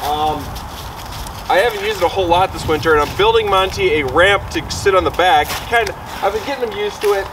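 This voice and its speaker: Man, casual outdoor vlog, rambling and upbeat, higher pitched, noisy outdoor recording. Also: fairly quick, far from the mic. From Michigan. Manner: chatty, talks to his dogs, rambling asides. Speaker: outdoor vlogger. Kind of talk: casual camping vlog talk. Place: outdoors on a frozen lake in snowy woods.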